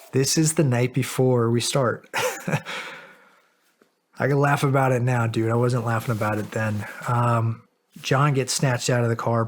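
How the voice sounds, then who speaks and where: Middle-aged male guest, casual storyteller, mid-pitched voice, cursing and laughing at himself. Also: slight background noise. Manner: animated, profane, laughs at himself. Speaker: podcast guest.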